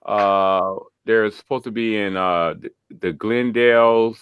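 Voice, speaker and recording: A man's voice: on the low side, steady tone, takes it slowly, clear, resonant tone, lo-fi sound. A man in a casual tech chat, describing things hesitantly while searching for words.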